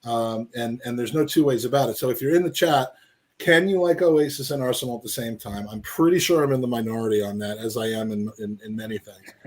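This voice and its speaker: A man's voice: mid-range voice, brisk. Rambling, jokey male podcast host. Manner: rambling, jokey, many restarts. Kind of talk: casual live-stream chat.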